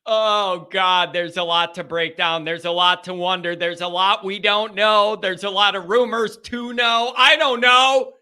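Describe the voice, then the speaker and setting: A man hosting a live sports talk show, excitable and rambling, often repeating himself. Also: high voice, unhurried, hardly any pauses, clean tone. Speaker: sports podcast host.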